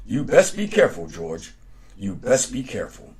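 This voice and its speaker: A man's voice: medium pitch, huge pitch swings, normal speed, a little mellow, breathy edge, voice pushed up. A man voicing a sly, boastful enslaved trickster who drawls out his brags in a raised voice. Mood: mocking.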